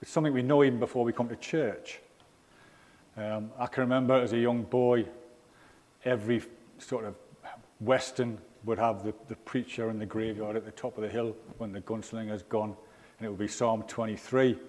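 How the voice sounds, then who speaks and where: A man's voice: lowish voice, fairly even intonation, moderate pace, a little mellow. A man from England giving an informal, rambling sermon in a church, full of ums and asides. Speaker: preacher. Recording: reverberant church hall.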